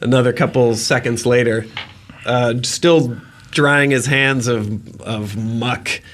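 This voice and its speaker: A man narrating as dungeon master in a tabletop game, slowly painting vivid, gross scene details and laughing at them. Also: medium pitch, fairly bright tone, a little hiss or hum.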